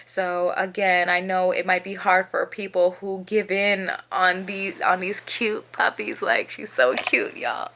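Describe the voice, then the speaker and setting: A young woman from Maryland talks straight to the camera about dog training. She is frank and lively, breaking into short laughs between her points. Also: fairly low pitch, a little slow, few pauses. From Maryland, USA. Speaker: dog owner vlogger. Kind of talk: casual advice vlog.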